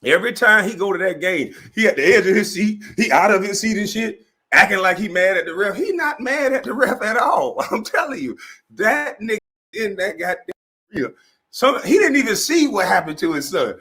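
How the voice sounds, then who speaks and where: A man's voice: high-pitched, expressive, normal speed, bright, forceful tone, slightly rough. A man in his forties, a former basketball player, ranting in a mocking, profane way, laughing as he talks and acting out the people he quotes. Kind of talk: animated profane rant.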